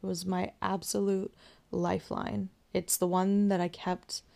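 A young woman hosting a podcast, candidly telling a personal story with whispered asides and soft laughs. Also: lowish voice, little pitch movement, unhurried, creaky. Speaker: podcast host sharing her birth story.

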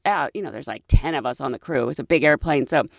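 A woman host and flight attendant telling work stories in a casual, animated way, laughing often. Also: a bass voice, fast talker, vocal fry, dry recording, clean studio sound. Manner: animated, laughs often, sing-song imitations. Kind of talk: casual storytelling.

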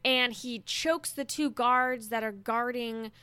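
Gushing female podcast host, bright tone, dry close sound. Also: on the high side, steady tone, slow, clear, resonant tone, dry recording. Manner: enthusiastic, gushing recap. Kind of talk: casual chat.

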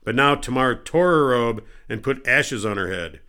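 A man giving a daily Bible reading in a steady, measured way. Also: medium pitch, smooth. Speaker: scripture reader.

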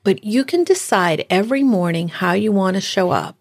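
A woman co-hosting a casual chat, telling stories in a lively way, laughing often and acting out what she said. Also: mid-range voice, moderate pace, gravelly. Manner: animated, laughs often, acts out her own lines. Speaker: podcast co-host.

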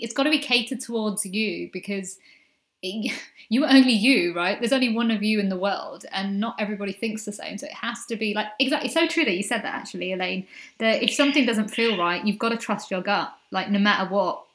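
A woman hosting an interview, encouraging and warm, laughing often. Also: medium pitch, brisk. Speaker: podcast host. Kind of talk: casual interview chat. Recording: roomy echoey sound.

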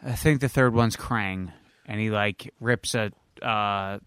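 Bright, dry-voiced man chatting. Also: fairly low pitch, slow pace, clear, resonant tone, no room sound. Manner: rambling, laid-back storytelling. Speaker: podcast co-host. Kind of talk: casual chat.

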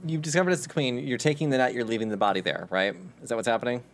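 A man hosting a tabletop role-playing podcast and running the game as game master, talking in a chatty, animated way. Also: mid-range voice, rapid-fire, slight background noise.

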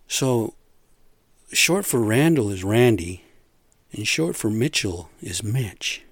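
A man's voice: on the low side, no room sound. A man giving a rambling, blunt rant full of swearing, talking casually about his day and whatever crosses his mind.

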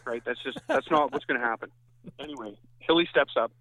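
A man from Canada, a softball pitcher, telling rambling anecdotes as a podcast guest. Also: brisk, no room sound. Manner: rambling anecdotes with many restarts. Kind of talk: casual chat, storytelling. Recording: tinny phone-like line, dry.

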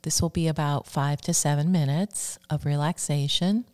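Low-voiced woman hosting a calm self-help talk. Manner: calm, slow, coaching tone leading affirmations. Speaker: radio show host.

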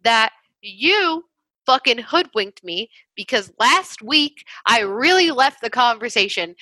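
A woman co-hosting a casual comedic chat, animated and swearing as she tells a story in disbelief. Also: a little high, slow pace, no room sound, low-quality recording. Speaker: podcast co-host.

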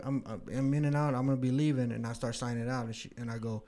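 A man in casual chat, telling a story with lots of swearing and high-pitched quoted voices. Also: fairly even intonation, fast talker, hardly any pauses, warm tone.

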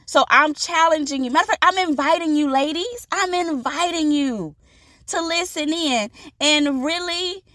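A woman hosting a podcast, telling an inspirational story in an animated, preachy way and acting out the voices in it. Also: sits high, no echo, studio quality. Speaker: podcast host.

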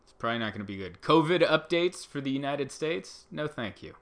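A man doing a casual comedic monologue, rambling and exasperated, jumping into high mock outbursts. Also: expressive, a little fast, fairly bright tone. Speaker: comedian host.

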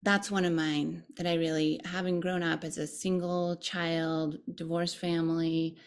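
A woman meditation teacher, a podcast guest, speaking in a reflective, gentle and thoughtful way. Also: on the low side, level tone, unhurried, clear, resonant tone. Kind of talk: podcast conversation.

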